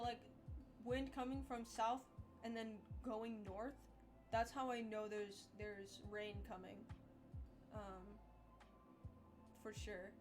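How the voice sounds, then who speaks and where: A young woman chatting casually on a live art stream. She sounds tired and rambles candidly, swearing now and then. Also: fairly high pitch.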